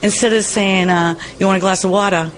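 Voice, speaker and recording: A woman's voice: medium pitch, steady tone, a little fast. A woman with a Boston accent, chatting casually while interviewed in line. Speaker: audition hopeful, interviewee. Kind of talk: casual chat.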